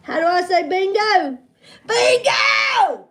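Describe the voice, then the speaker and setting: A woman in her fifties with a high voice runs a casual livestream trivia night. She chats easily with her viewers and calls them hon and honey as she says hello to each one by name. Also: expressive, unhurried. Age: 50s.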